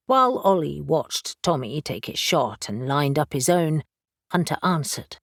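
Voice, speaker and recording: A woman narrating an urban fantasy audiobook in a steady, measured way on a close studio mic. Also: low-pitched, no room sound. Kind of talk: scripted narration.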